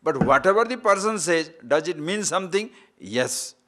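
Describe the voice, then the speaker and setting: Animated Indian-accented man teaching scripture. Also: a little high, moderate pace. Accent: Indian English. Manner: animated, swings between loud emphasis and quiet asides, laughs at his own jokes. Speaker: spiritual teacher. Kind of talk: lecture on scripture.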